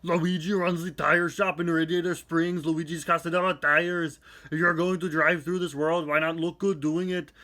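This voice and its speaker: A man putting on a gruff action-star impression to read a comic book's narration aloud, with a heavy put-on accent. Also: fairly high pitch, flat delivery, normal speed, bright, forceful tone. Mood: deadpan.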